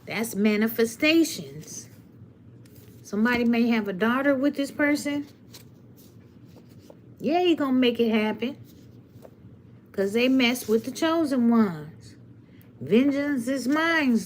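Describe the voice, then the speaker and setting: A woman's voice: fairly high pitch, expressive, a little slow, pauses often, a little hiss or hum. A woman giving a blunt, preachy tarot reading on a live stream and talking straight to her viewers. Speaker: tarot reader. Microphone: webcam or phone on a live stream.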